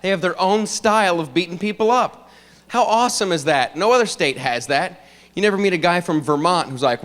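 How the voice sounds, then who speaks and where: A man doing an animated stand-up comedy routine, talking in a fairly high voice. He keeps slipping into quick character voices between his own lines.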